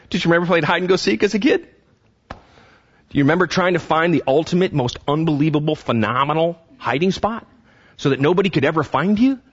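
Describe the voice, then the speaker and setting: A man's voice: high voice, slightly rough, lo-fi sound. A man preaching a conversational sermon in church. He often stumbles over repeated words and throws questions to the congregation. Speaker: pastor.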